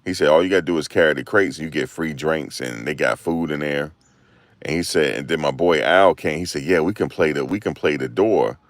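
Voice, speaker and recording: A man's voice: very deep voice, a little fast, no room sound. A man hosting his channel, telling casual stories full of slang and acted-out quotes. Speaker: channel host. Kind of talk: casual storytelling commentary. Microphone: desk microphone.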